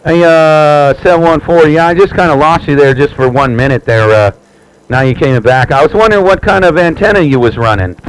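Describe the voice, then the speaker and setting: A man chatting on a CB radio from his home station, relaxed and repetitive, with many fillers. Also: on the high side, a little fast, noisy background. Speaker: CB radio operator. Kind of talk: live radio chat. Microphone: radio transceiver mic.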